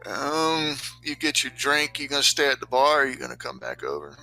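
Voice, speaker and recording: A man's voice: medium pitch, expressive, normal speed, vocal fry, pushed and bright, soft background music. A man narrating a tabletop game as game master, loose and rambling with many fillers.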